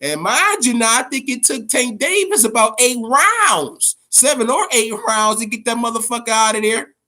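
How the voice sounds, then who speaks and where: A man hosting a boxing talk show, ranting in a profane, casual way, stammering and swinging between a low grumble and loud outbursts. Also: lively intonation, moderate pace. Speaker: boxing podcast host.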